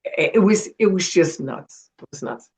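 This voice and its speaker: A middle-aged woman, a retired television producer, telling animated stories as a guest in a casual interview. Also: fairly low pitch, normal speed, slightly rough, poor audio. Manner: animated storyteller acting out quotes.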